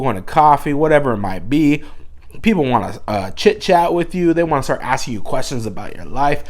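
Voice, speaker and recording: A man, a dad vlogger, giving mock-serious sarcastic advice and swinging between hushed asides and loud bursts. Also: medium pitch.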